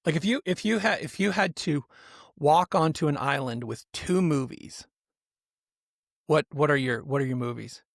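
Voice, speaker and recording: A man's voice: a little high, normal speed, gravelly, no room sound, studio quality. A man co-hosting a podcast, telling a story in a casual, rambling way with lots of restarts and asides. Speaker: podcast co-host. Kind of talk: casual chat.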